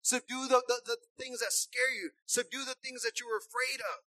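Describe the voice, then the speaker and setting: A woman preacher delivering a passionate sermon, repeating herself and swinging from soft asides to shouts. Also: a little high, fairly even intonation, normal speed, no echo, low-quality recording.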